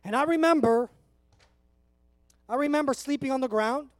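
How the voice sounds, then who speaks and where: A man in his thirties from California with a very high voice, preaching an earnest, conversational sermon. The sound is close and dry, with no room echo. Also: moderate pace. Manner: earnest, conversational, emotional at times. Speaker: pastor.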